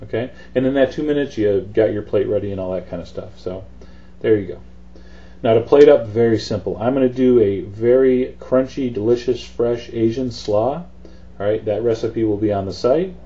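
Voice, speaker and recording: A man's voice: fairly low pitch, normal speed, dull audio. A man hosting a cooking demonstration, talking through each step in a chatty, easygoing way. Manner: chatty, relaxed instruction with fillers. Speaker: cooking show host.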